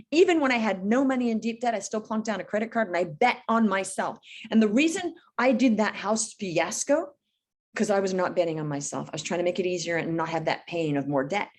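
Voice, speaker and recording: Animated, emphatic woman in her fifties. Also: medium pitch. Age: 50s. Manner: energetic, emphatic, animated storytelling. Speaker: business coach guest. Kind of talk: podcast interview.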